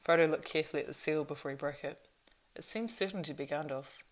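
A woman reads a story aloud, narrating in a steady, unhurried way. Her voice sits low. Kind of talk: audiobook reading.

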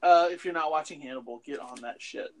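A man's voice: a little high, a little fast, a little hiss or hum. A man co-hosting a casual podcast chat about films and TV, rambling and profane with lots of fillers. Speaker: podcast co-host.

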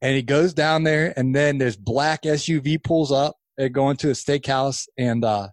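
A man in his thirties, a podcast guest, telling a long story in casual chat, animated and rambling with restarts. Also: medium pitch, moderate pace, no echo, clean studio sound. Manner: animated, acts out quoted voices, rambling restarts. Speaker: podcast guest, lawn care business owner.

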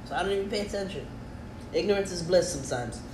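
A man's voice: sits high, lively intonation, quick pace. A young man co-hosting a casual podcast, teasing and incredulous, cursing freely. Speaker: podcast co-host. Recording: echoey room with background noise.

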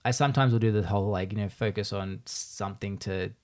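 A man's voice: on the low side, fairly even intonation, quick pace. A man hosting a podcast, talking loosely with lots of fillers and easy laughter. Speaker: podcast host. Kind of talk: casual podcast chat.

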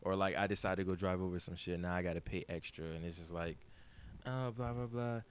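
A man's voice: low voice, flat delivery, fast, a little hiss or hum. A man hosting a podcast, giving blunt advice in a laid-back, casual chat. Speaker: podcast host.

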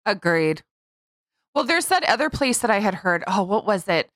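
A woman's voice: mid-range voice, big pitch swings, normal speed, a bit bright, no echo, clean studio sound. A woman co-hosting a casual podcast, laid-back and laughing easily, swearing casually. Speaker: podcast co-host.

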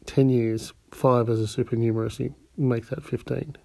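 A man's voice: medium pitch, fairly even intonation, normal speed, gravelly, a little mellow, no echo, natural voice. A man voicing a proud, humble telegraph keeper in his fifties, answering plainly and earnestly in a storybook reading. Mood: fond. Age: 50s. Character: proud elderly male telegraph keeper, gardener.

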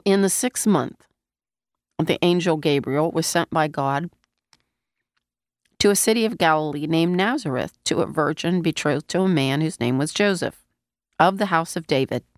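A woman's voice: deep voice, no echo, clean studio sound. A woman teaching a Bible passage in a conversational sermon, speaking around a lozenge in her mouth and asking her listeners questions.

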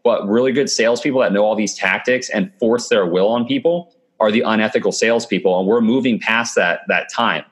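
A man with a fairly low voice speaks over a remote call. He coaches with calm confidence and often checks in with his listener. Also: brisk. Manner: confident, coaching tone with frequent "okay" and "right". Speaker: guest. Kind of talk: remote podcast interview. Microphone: video call.

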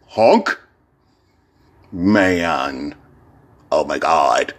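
A hungover man rambling in a casual vlog, profane and laughing, sending shout-outs. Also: on the low side, expressive, takes it slowly.

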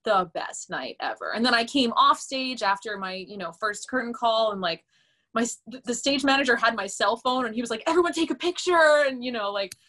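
A young woman in her twenties, a podcast guest, telling a story in a casual, animated way with lots of fillers. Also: a little high, brisk. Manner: animated and chatty, many fillers, laughs often. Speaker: podcast guest, musical theater performer.

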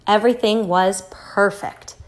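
A woman reading a children's book aloud in a lively, expressive way. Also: mid-range voice, measured pace. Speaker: storyteller.

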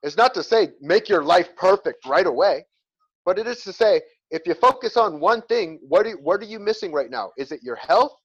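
A man giving an energetic, emphatic motivational talk as an interview guest, full of stories. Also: high-pitched, moderate pace. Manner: energetic and emphatic, talks in repeated phrases. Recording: slightly lo-fi sound.

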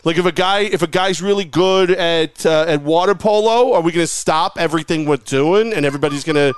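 An irate male caller to a sports radio show, ranting in a raised, pushy voice with a pitch that sits well above a normal speaking voice, as a man puts him on during an interview. He sounds combative and incredulous. The sound is close and dry. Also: a little fast, smooth, dry recording, lightly acted. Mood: indignant rant. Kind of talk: comic impression within an interview.

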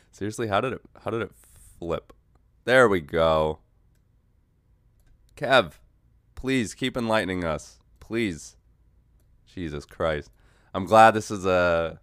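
A man hosting a comedy podcast, his pitch bouncing up and down as he riffs on clips. He rambles, swears and mocks in a loose, casual way. The sound is close and dry. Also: fairly bright tone, no echo. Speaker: podcast host reacting to clips.

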